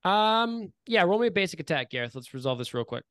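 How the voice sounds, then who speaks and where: A man's voice: high-pitched, sing-song, fast, fairly bright tone, clean tone, no room sound, studio quality. Profane joking man running a tabletop game. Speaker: game master.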